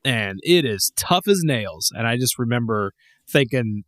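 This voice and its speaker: Expressive and fairly bright, this mid-range male voice moves at a measured pace in clean studio sound with no room echo. Co-hosting a podcast, he laughs, curses, and stumbles through restarts while reminiscing.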